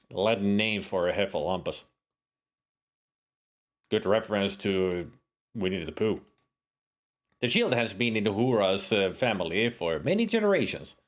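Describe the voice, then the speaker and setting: Brief: casual male game streamer, lively pitch, self-mocking asides. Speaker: streamer playing a video game. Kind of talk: casual game commentary and reading game text.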